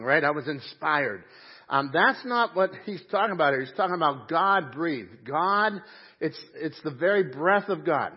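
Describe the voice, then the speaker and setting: Male pastor, fairly high husky voice, emphatic folksy preaching, dull lo-fi church recording. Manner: emphatic preaching, folksy asides, some huffing breath. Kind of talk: sermon. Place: church sanctuary. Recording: dull muffled audio.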